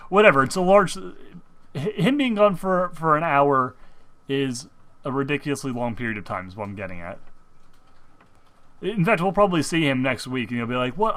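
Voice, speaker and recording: A man's voice: medium pitch, lively intonation, a little fast, fairly bright tone. An American man co-hosting a podcast, riffing in casual comedic chat with a mock-patriotic, joking manner. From United States. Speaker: podcast co-host.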